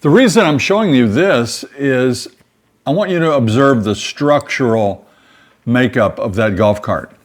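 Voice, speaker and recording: A man's voice: mid-range voice, lively intonation, unhurried. An older man co-hosting a casual chat, dry and joking, teasing his wife. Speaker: co-host.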